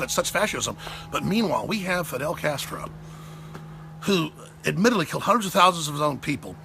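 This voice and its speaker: A man hosting a talk show, delivering a heated, sarcastic political rant with big swings in pitch and pace. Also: vocal fry, sharp tone, slight background noise.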